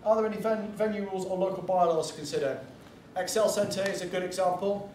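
A man's voice: sits high, fairly even intonation, fast, darkish tone, slight background noise. A man giving a casual convention panel talk, chatty and blunt, drifting into asides and the odd swear word. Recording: echoey room from far off, faint ambience.

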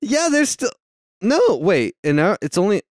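A young man co-hosting a casual movie podcast, excitable and quick to swear and laugh. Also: high voice, no room sound, clean studio sound. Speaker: podcast co-host. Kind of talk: casual movie-watching chat.

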